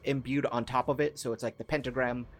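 A man's voice: medium pitch, fairly even intonation, fast. A man narrating a tabletop game as game master, casual and full of filler words.

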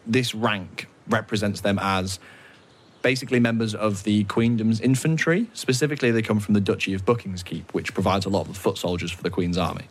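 A man narrating as game master of a tabletop game, describing scenes in a relaxed, hesitant way. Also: fairly low pitch, a little fast, a little hiss or hum.

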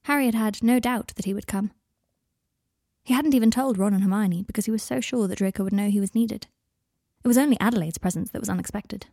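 A woman reads her own story aloud in a steady, measured narrating voice, mid-pitched and unhurried. The recording is dry and close-miked, with no room around it. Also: vocal fry, no echo. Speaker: podcast host reading her own fanfiction.

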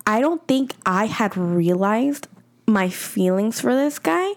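A woman's voice: fairly high pitch, slow. A young woman hosting a casual podcast, telling a personal story in a rambling way, full of "like" fillers. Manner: rambling, heavy on "like" fillers, animated retelling. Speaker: podcast co-host.

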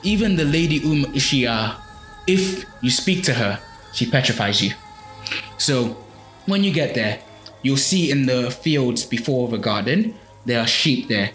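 A man's voice: mid-range voice, animated, measured pace, a bit bright. A man casually retelling a folk tale on a podcast, with loose phrasing, plenty of fillers and restarts. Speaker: podcast storyteller. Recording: echoey room with faint music.

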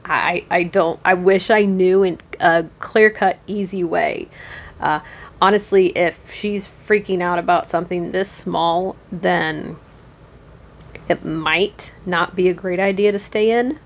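A woman's voice: on the low side, fairly even intonation, slow pace. A woman hosting a casual podcast, reading Reddit posts aloud and reacting to them with frequent ums and restarts. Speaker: podcast host.

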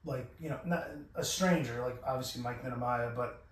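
A man's voice: medium pitch, a little fast, echoey room, recorded from a distance. A man telling a long story in casual, profane chat, with many restarts and acted-out quotes. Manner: profane, rambling, full of restarts and quoted voices. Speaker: podcast host.

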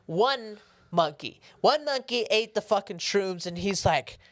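Lively crude woman podcast host. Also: mid-range voice, a little slow. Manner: rambling, crude, animated storytelling with put-on voices. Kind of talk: casual chat. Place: podcast studio.

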